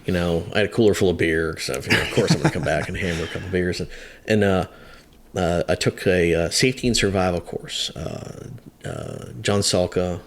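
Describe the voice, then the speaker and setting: A man in his fifties, a firefighter guest, telling a story in a casual interview, halting with many fillers and restarts, candid and self-deprecating. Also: low voice, slight background noise.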